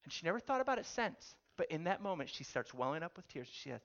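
A man preaching a sermon, telling a story with animated delivery and putting questions to his audience. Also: fairly high pitch, fast talker, few pauses, muffled recording. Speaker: pastor.

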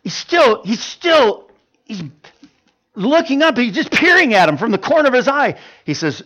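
A man's voice: very high voice, normal speed, lo-fi sound. A man preaching a sermon, retelling a story with lots of stammered repeats. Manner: animated, stammering repetitions.

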